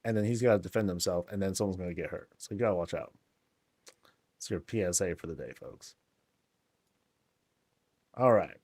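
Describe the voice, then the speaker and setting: A man's voice: low-pitched, moderate pace, long pauses, darkish tone, no echo. Laid-back joking man, game tour. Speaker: game channel host. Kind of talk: casual game tour commentary.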